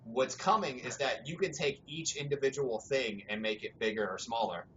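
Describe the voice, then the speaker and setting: A young man hosting a casual gaming podcast, rambling in a relaxed way, swearing freely and laughing often. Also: medium pitch, normal speed. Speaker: podcast host. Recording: dull lo-fi sound, faint background noise.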